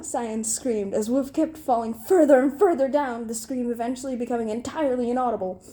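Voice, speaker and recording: A young woman reading comic fan fiction aloud, deadpan with occasional giggles. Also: a little high, fairly quick. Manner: breaks into giggles, deadpan delivery. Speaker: reader.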